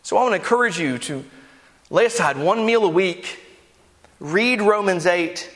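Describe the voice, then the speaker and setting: A man's voice: a little high, a bit bright. A man preaching a sermon as pastor, earnest and building to emphatic delivery with playful asides, in a church sanctuary. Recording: long hall reverb.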